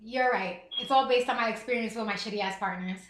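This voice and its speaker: A woman's voice: fairly high pitch, quick pace, a bit bright, a little hiss or hum. A woman in her thirties hosting a livestream, chatting candidly and laughing often. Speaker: livestream host. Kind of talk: casual chat. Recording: echoey room.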